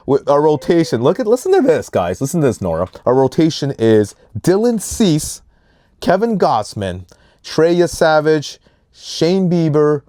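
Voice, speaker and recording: A man hosting a casual sports podcast, giving animated hot takes and stretching out names for emphasis. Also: medium pitch, clear, resonant tone, dry recording, clean studio sound. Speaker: podcast host.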